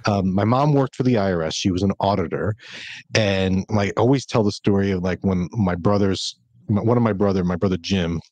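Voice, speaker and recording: A man's voice: low voice, brisk, a little mellow, no echo. A man hosting a podcast as a financial planner, chatting casually and telling teasing stories. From Minnesota. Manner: chatty storyteller with teasing humor.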